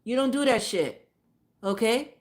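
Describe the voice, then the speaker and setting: A woman's voice: on the high side, lively intonation, unhurried. A woman streamer telling a casual story, swearing freely and repeating phrases for emphasis. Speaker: live streamer.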